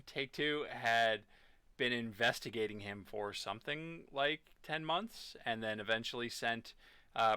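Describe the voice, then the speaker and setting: A man co-hosting a gaming podcast in casual chat, animated and rambling with lots of fillers. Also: mid-range voice, clear, resonant tone, no echo. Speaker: podcast co-host.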